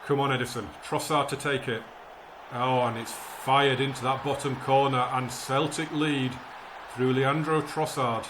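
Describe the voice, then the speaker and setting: The background is noisy, and the man speaks a little slowly at a medium pitch. A gaming YouTuber, he gives live commentary on a football management game, excitedly calling the action like a match announcer and voicing his worries about results.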